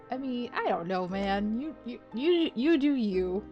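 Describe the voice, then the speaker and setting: A woman's voice: a little high, lo-fi sound. A woman streamer casually commenting on a game she is playing, chatty and playful and laughing often, with a sore throat. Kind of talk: casual let's-play commentary.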